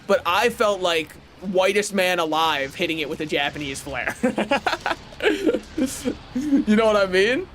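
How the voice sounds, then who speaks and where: A young American man chatting casually while streaming a game, rambling and correcting himself with sudden excited outbursts. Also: high voice, unhurried, a little hiss or hum. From United States. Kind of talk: casual gaming livestream chat.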